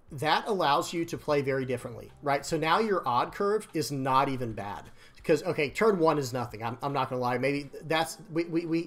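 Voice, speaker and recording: Rambling young man with a higher voice. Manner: rambling, self-interrupting, apologetic with quick laughs. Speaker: card game YouTuber. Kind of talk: casual chat while showing deck lists.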